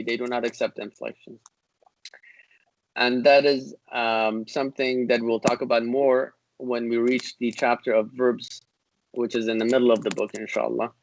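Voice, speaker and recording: A man's voice: mid-range voice, low-quality recording. Man, grammar teacher, online class, patient, repeats himself, lots of uh and um. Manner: patient, repetitive, many fillers and restarts.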